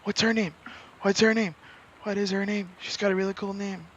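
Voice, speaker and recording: A man streaming a game in casual commentary, chatting, reading game text aloud and breaking into bursts of excitement. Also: high voice, brisk. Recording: muffled recording with faint noise.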